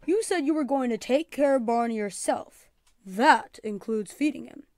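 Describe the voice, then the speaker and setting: A woman reading aloud and voicing a calm, gently teasing father in a storybook. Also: a little high, moderate pace, no room sound, clean studio sound, close to an everyday voice.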